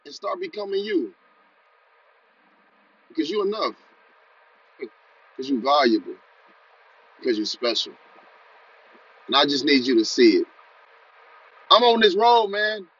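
A man's voice: fairly high pitch, big pitch swings, unhurried, pauses often, fairly bright tone, breathy edge, highs cut off. A man hosting a podcast, giving an urgent motivational talk and leading the listener in repeat-after-me chants. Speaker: podcast host.

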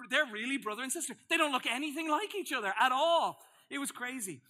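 Male pastor preaching; high, bright voice; lively storyteller who acts out his reactions. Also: quick pace, few pauses. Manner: storytelling with acted-out asides. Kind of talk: sermon.

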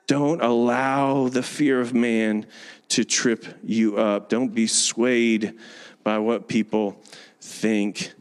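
A pastor preaching a sermon in a church and leading the congregation in call-and-response, building to fervent declarations. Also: male voice, mid-range voice, flat delivery, slow, clear, resonant tone, long reverb tail. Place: church hall with balconies.

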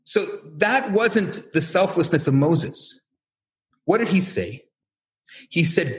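A man's voice: high-pitched, takes it slowly, pauses often. A man giving a talk, telling stories and acting out the voices of the people in them. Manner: animated, acts out quoted voices. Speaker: lecturer. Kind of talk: storytelling talk.

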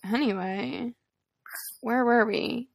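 A woman's voice: fairly high pitch, slow pace, vocal fry, dry recording, clean studio sound. A young woman co-hosting a podcast in casual, giggly chat. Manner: giggly, loose and chatty. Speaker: podcast co-host.

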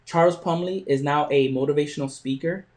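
Halting man telling a motivational story. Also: fairly high pitch, a little mellow. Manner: halting, with frequent pauses and restarts. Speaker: podcast host.

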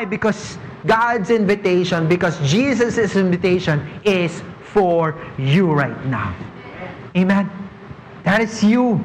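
High-voiced Filipino preacher. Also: male voice, a little hiss or hum, poor audio. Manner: preaching, switching between English and Filipino, calls of "Amen?". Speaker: pastor. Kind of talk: sermon. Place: church, streamed online.

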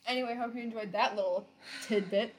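Wry higher-voiced woman co-host. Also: fairly even intonation, a little hiss or hum. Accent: Western New York. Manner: wry, quick interjections. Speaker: podcast co-host. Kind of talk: casual chat.

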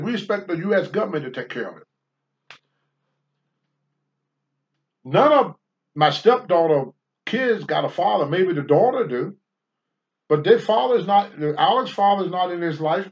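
Blunt older man preaching with lively pitch. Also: highs cut off. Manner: blunt, preachy, swings from low mutters to loud outbursts. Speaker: podcast host, former wrestler. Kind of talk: candid talk-show commentary.

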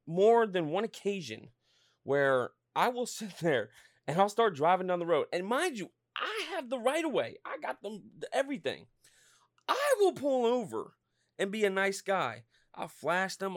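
Foul-mouthed ranting man, lively pitch. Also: no echo, studio quality. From Pennsylvania, US. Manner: profane, heated ranting with lots of swearing. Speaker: podcast host. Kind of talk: solo podcast rant.

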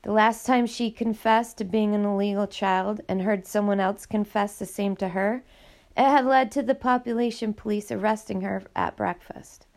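A woman narrating a novel in a steady, measured reading. Her voice is gravelly and sits at a middle pitch. The delivery stays even and clear throughout. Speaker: audiobook narrator. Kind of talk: scripted narration.

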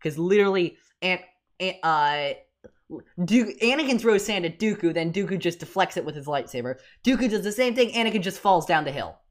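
A woman co-hosting a casual fan podcast, talking in animated, exasperated rants with many restarts. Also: lowish voice, brisk. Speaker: podcast co-host.

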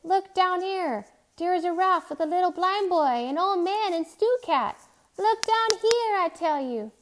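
A woman voicing an old seaman who calls out loudly and steadily reassures a child. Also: a little high, expressive, unhurried. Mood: shouting. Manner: loud, urgent calls with a lilting dialect. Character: old weathered Caribbean seaman, steady and protective.

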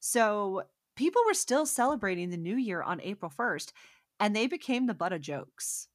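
Animated young woman, dry close sound. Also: medium pitch, normal speed, dry recording. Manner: animated and profane, storytelling with emphatic bursts. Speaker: podcast co-host. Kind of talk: casual chat.

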